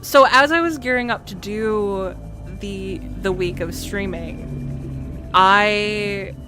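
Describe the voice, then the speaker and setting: Playing a video game on stream, a woman talks casually to her viewers and to herself. Her medium-pitched voice is bright and forceful, and she takes her time, with game music and sounds running underneath.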